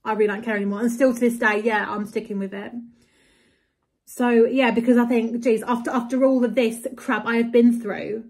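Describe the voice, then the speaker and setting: A young woman tells a long, rambling story in a casual vlog. She sounds exasperated, swears freely and fills her sentences with "like" and "um". Her voice sits a little high. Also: fairly even intonation, normal speed, a little mellow. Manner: exasperated, swears often, rambling with many fillers. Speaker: vlogger.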